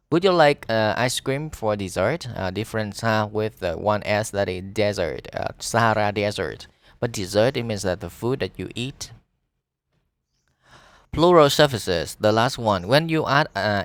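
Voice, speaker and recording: A Vietnamese-accented male teacher reads an English spelling text aloud in a lowish voice, stumbling often over fillers and restarting words. The sound is close and dry, with no room around it. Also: a bit bright, no echo. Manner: halting reading with frequent "uh" fillers and restarts. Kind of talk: reading an article aloud as a lesson.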